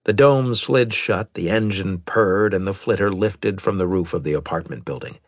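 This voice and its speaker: A man narrating a story in steady scripted storytelling, close to a studio mic. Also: deep voice, moderate pace, no room sound. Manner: steady storytelling with expressive character voices. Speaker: audiobook narrator.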